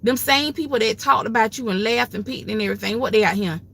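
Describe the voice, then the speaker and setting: A woman's voice: fairly high pitch, fast, gravelly, fairly bright tone, a little hiss or hum. Emphatic grandmother giving folksy advice. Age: older. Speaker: livestream host. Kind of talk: casual livestream talk, preachy advice.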